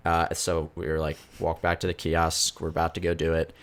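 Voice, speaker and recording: A young man with a very low voice tells a long story on a podcast. He rambles and swears freely, in a loose, casual chat. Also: completely flat delivery, fairly quick, clear, resonant tone. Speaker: podcast co-host.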